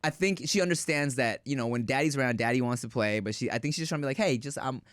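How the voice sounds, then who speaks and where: A man co-hosting a podcast in relaxed, casual chat, telling stories with lots of laughter and easy swearing. His voice sits at a middling pitch and sounds dry and close, with no room around it. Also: fast talker, no echo. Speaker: podcast co-host; father of a young daughter.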